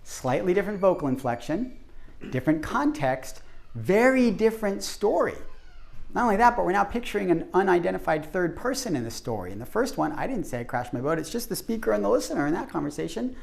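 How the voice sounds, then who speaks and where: Animated gravelly man leading a workshop. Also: high-pitched, brisk. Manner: animated, acts out quoted voices. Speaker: workshop presenter. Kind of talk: interactive workshop talk.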